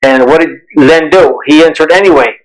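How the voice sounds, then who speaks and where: A man's voice: fairly high pitch, normal speed, poor audio. A man reviewing a law exam question as a tutor, explaining step by step and answering his own questions. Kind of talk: recorded exam review lesson.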